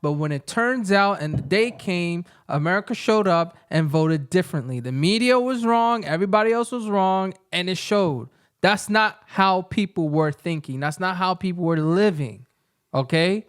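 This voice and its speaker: High-voiced man ranting bluntly. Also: normal speed, smooth. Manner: blunt, exasperated ranting with profanity. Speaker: podcast co-host. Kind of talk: casual chat.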